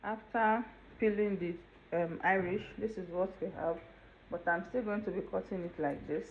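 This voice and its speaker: A woman with a medium-pitched voice and moderate pace hosts a home cooking tutorial, explaining steps in a chatty way while checking in with the viewer. The home kitchen recording is dull lo-fi video with faint room noise.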